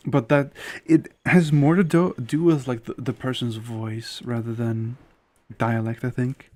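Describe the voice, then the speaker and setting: A man with a medium-pitched, steady, somewhat dark voice speaks unhurriedly while gaming on a live stream. He chats loosely with viewers, peppers everything with "like," and offers blunt, outspoken takes.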